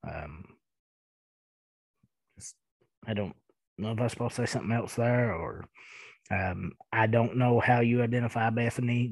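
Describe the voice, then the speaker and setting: A man's voice: on the low side, no echo. A man in his thirties with a thick Eastern Kentucky accent, hosting a podcast and answering listener emails in a rambling, chuckling way. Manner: chuckling, rambling, halting with fillers. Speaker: podcast host. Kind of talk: casual listener-mail chat.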